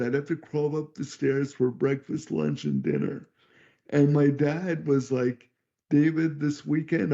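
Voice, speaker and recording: A man's voice: mid-range voice, vocal fry, mellow. A middle-aged man speaking earnestly and reflectively as an interview guest, telling a personal story over a video call with some restarts. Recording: dull lo-fi call audio.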